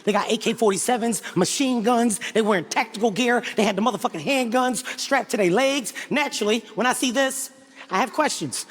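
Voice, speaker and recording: Male stand-up comic, very high voice, indignant shouting, faint noise in a reverberant venue. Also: fairly quick. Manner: animated, profane, rising to indignant shouts. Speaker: stand-up comedian. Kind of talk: stand-up comedy storytelling. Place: large venue with audience. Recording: echoey hall, faint background noise.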